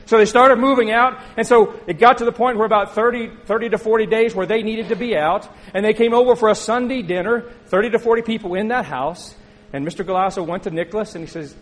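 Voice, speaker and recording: A man's voice: high voice, fast talker, a little hiss or hum, low-quality recording. A middle-aged man preaching a sermon as a pastor, telling a story in a conversational way and turning to ask the congregation questions.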